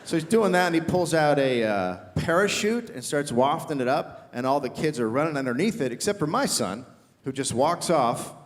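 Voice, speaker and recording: A middle-aged man doing animated stand-up comedy, shouting his acted quotes. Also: a little high, normal speed. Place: large theater stage. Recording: reverberant theater hall. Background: audience laughter.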